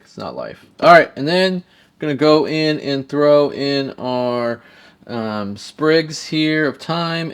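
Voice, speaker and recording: A man hosting a casual cooking demonstration, talking straight to the viewers with lots of jokes. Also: medium pitch. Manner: jokey, talks straight to viewers. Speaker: home cook.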